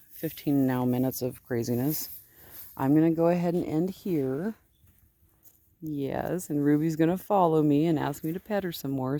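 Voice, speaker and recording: A woman's voice: sits low, dark tone, no echo. A woman sheep farmer rambling casually on an outdoor farm vlog, chatty and fond. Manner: rambling, chatty, baby-talks to her sheep. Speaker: sheep farmer and video host.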